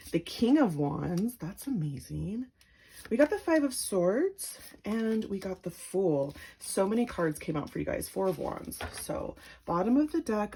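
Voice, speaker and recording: A woman's voice: medium pitch, dark tone, breathy edge. A young woman giving a casual, upbeat tarot reading, chatty and giggly, with lots of fillers. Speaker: tarot reader.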